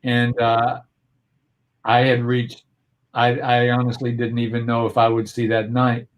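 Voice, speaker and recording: Male interview guest, mid-pitched voice, reflective and earnest, over a video call. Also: completely flat delivery, a little slow. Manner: earnest and reflective, with frequent restarts.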